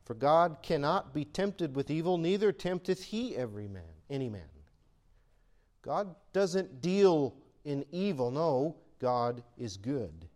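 A man's voice: fairly high pitch, lively intonation, takes it slowly, darkish tone. A man preaching a sermon in a conversational style that swells into emphatic peaks. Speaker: pastor.

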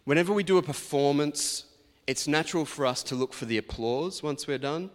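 A man's voice: on the high side, a little fast. A man in his forties, a pastor giving a sermon in a chatty, anecdotal storytelling manner. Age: 40s. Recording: long reverb of a large hall.

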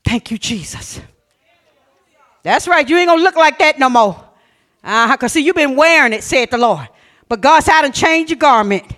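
A woman preacher delivering an exuberant Pentecostal-style sermon, calling out to the congregation, swinging between shouts and hushed scripture reading. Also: high-pitched, lively intonation, normal speed, pauses often, some chatter behind. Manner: calls out and has the congregation repeat lines.

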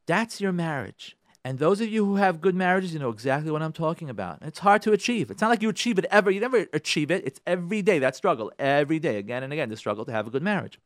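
A rabbi hosting a radio talk show, speaking on Torah and marriage and repeating key phrases for emphasis. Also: male voice, on the high side, no echo, studio quality.

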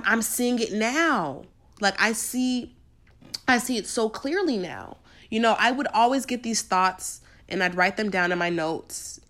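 A young woman hosting a podcast, telling a personal faith story in a casual, slangy, animated way. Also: mid-range voice. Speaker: podcast host.

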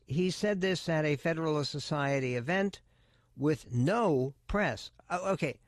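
A man hosting a talk radio show, giving opinionated political commentary in a measured, deliberate way with emphatic stresses. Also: a little high, dry recording. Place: radio studio. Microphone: close studio microphone.

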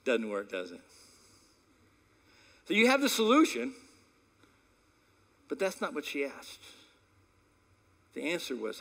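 Man, pastor, sermon, conversational storytelling, animated pitch, loud peaks and hushed asides. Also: moderate pace, creaky, long pauses.

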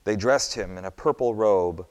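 A man narrating a scripture story in a measured, expressive reading. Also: on the low side. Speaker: scripture reader. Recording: long hall reverb.

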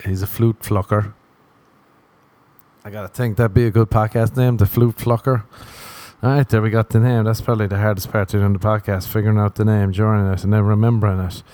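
Man, podcast host, casual monologue, rambling, swearing, joking, low voice, dry close sound. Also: flat delivery, a little fast, dark tone, no echo. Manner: rambling, joking, swears often, laughs at himself.

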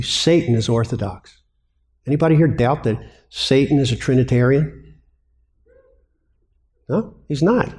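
A man preaches to a room of counselors in a warm, mellow voice. He is animated and keeps throwing out rhetorical questions that he answers himself. His pitch sits in a plain middle range for a man. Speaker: preacher and biblical counseling teacher. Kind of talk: sermon.

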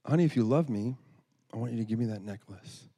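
A man voicing a patient, loving father who speaks quietly and gently. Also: medium pitch, fast talker, slightly rough. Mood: gentle.

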